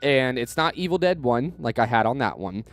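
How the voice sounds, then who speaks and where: A man's voice: medium pitch, big pitch swings, moderate pace. A young man casually chatting on his stream, enthusiastic and rambling with lots of fillers. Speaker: streamer showing his movie collection.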